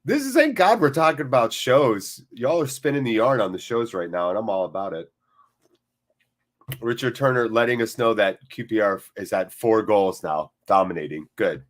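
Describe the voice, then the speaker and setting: A man with a lowish, animated voice hosts a live football watchalong at a moderate pace, reading viewer comments in casual livestream chat. He's jokey and off-the-cuff, swears freely, and breaks off between chat replies to react to the match.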